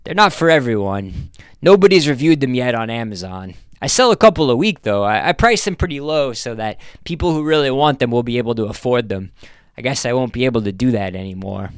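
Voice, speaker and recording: A man voicing a shy, sad young woman who self-publishes her books. Her talk is soft, plaintive and rambling in a smooth, dry read-aloud voice. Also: mid-range voice, expressive, brisk, dry recording, close to an everyday voice.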